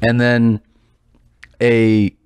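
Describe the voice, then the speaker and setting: A man's voice: mid-range voice, very slow, clear, resonant tone, no room sound. A man casually telling a funny story, acting out the voices of the people in it and laughing as he goes. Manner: animated, acts out quotes, laughs through story. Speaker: storyteller guest.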